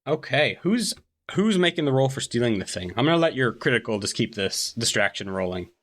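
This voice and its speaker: A man's voice: medium pitch, sing-song, a little fast, a bit bright, dry recording. A man narrating as game master of a tabletop game, describing scenes in vivid detail.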